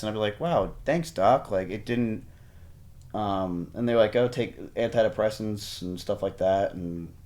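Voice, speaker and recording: A man's voice: lowish voice, moderate pace. Rambling young man acting out stories. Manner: rambling, animated, mimics others mid-story. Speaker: streamer. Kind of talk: candid conversation.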